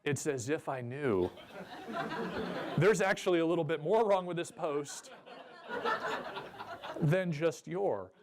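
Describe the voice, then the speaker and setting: A man's voice: on the high side, animated, slow pace, long pauses, a crowd in the background, noisy background. Chatty man presenting to a room. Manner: chatty, jokey, asks the audience questions. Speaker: presenter at a convention seminar. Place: convention seminar room.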